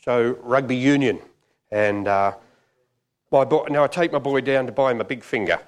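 A man's voice: medium pitch, normal speed. A man preaching a jokey, conversational sermon.

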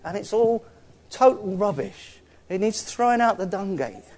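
A man's voice: high-pitched, animated, measured pace, a little mellow. A man preaching a sermon in an earnest, conversational way, with asides to the congregation.

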